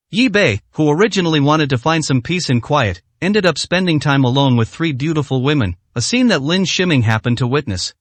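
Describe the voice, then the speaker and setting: A man narrating a serialized web novel aloud with an even, steady read and the odd slip. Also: a little high, a little fast, hardly any pauses, dry recording. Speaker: audiobook narrator.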